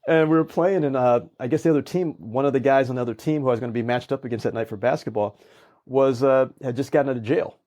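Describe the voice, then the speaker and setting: In a fast, mid-range voice, a man appearing as a guest recounts stories in easy conversation. He brings energy to it, acting out each quoted line.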